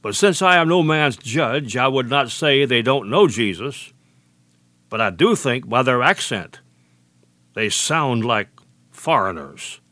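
A man preaching a sermon, speaking deliberately and slowing down to weigh each quoted verse. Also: medium pitch, animated, pushed and bright, dry recording. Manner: measured, deliberate preaching with slowed emphasis on quotations.

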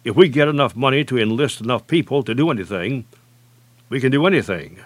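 A man preacher delivering a sermon, talking deliberately and emphatically, and slowing down to quote scripture. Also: medium pitch, lively intonation, no echo.

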